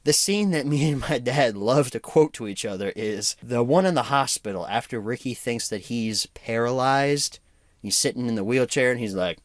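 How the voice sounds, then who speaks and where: A young man giving a casual solo movie review, animated and laughing often. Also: medium pitch, normal speed, dry recording, clean studio sound.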